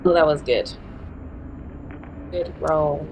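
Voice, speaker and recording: A woman's voice: low-pitched, slow, a little mellow, rough recording. A woman, playing a tabletop game over chat in a chatty, self-mocking way and laughing often. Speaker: player. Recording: clear background noise.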